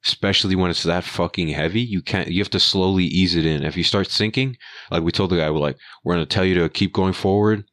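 Speaking fast in a low-pitched voice, a young man tells a work story full of profanity and slang. He animatedly acts out other people's lines in their voices, and the recording has no room sound.

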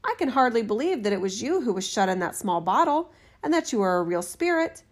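A woman voicing a bold, clever young male student in a storybook reading, speaking briskly and fearlessly. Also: on the high side, sing-song.

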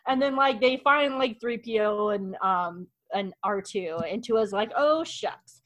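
A woman's voice: mid-range voice, fairly even intonation, unhurried, a bit bright, low-quality recording. A woman hosting a podcast in casual chat, gushing enthusiastically and rambling with frequent restarts and fillers. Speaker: podcast host.

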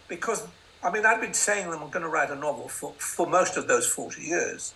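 A man's voice: fairly high pitch, expressive, a little fast, bright, forceful tone, rough recording. An older man, a novelist, telling wry, self-deprecating anecdotes in an interview. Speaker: novelist guest. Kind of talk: interview storytelling.

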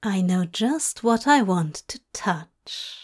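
A woman voicing a gentle male angel who grows flustered and breathless. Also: medium pitch, lively intonation, slow.

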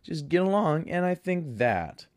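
A man's voice: a little high, sing-song, measured pace, a little mellow, no room sound. A man from Florida hosting a solo podcast, laid back, rambling and crude in his chat. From Pensacola, Florida. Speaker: podcast host.

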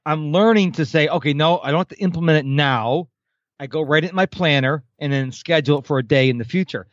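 A man's voice: on the high side, fast talker, no echo, dull audio. A man in his fifties, a podcast guest, talking animatedly in a casual interview and acting out the people he quotes. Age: 50s.

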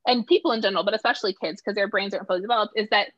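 A woman's voice: mid-range voice, rapid-fire, no room sound. A middle-aged woman in casual conversation, talking animatedly and acting out quoted voices. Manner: animated, acts out voices when quoting. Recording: dull lo-fi sound.

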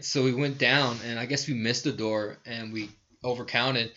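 A man's voice: mid-range voice, fairly even intonation, normal speed, pushed and bright, highs cut off. A man telling a rambling, profane bar story in casual chat. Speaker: podcast co-host telling a story.

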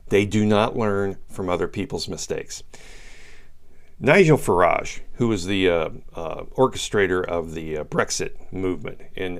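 Emphatic man, lowish voice. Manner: emphatic, repeats points for stress. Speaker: political commentator. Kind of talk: opinionated commentary monologue.

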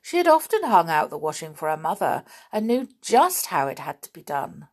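A woman reading a children's storybook aloud as narrator, expressive and unhurried. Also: on the low side.

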